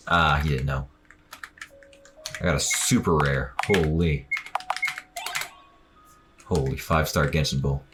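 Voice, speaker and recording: A man's voice: rumbling low, slow pace, pauses often, over music. A man streaming a video game, joking and swearing through casual commentary. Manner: joking, swearing, animated reactions. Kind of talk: casual let's-play commentary.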